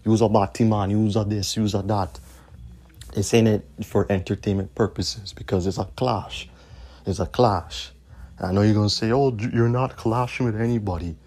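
A man's voice: medium pitch, darkish tone. A man hosting his own podcast, ranting in a combative, profane way and repeating his points. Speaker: podcast host.

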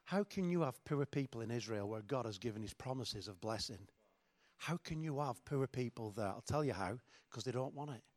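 A man's voice: medium pitch, lively intonation, a little fast. A middle-aged man preaching a sermon in a chatty, joking, self-mocking way. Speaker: pastor.

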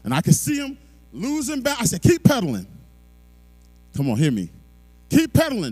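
High-voiced pastor guy preaching, real lively up and down, dry close sound. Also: unhurried, long pauses, breathy edge, no echo. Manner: animated preaching, swings from quiet storytelling to shouting. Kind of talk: sermon.

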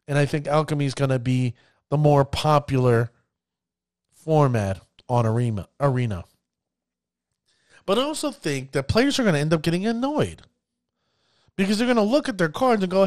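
A man giving casual commentary on card games, addressing his viewers as ladies and gentlemen and acting out players' reactions. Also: fairly high pitch, lively intonation, normal speed, pauses often, dry recording, studio quality. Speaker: card game content creator.

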